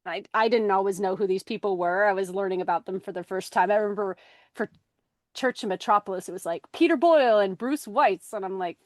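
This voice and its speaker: Woman podcast co-host, lively storyteller, dry close mic. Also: medium pitch, a little fast, no room sound. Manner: animated storyteller, jumps into excited quoted voices. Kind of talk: casual chat.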